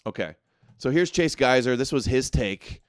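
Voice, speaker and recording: A man's voice: medium pitch, animated, dry recording, clean studio sound. A man hosting a live commentary show, reacting to clips in a mocking, sarcastic way. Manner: mocking, sarcastic, quick asides. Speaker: show host.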